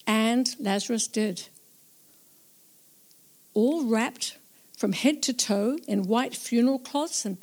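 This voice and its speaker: A woman narrating a Bible story as a first-person witness, slow, reflective and earnest. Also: on the high side.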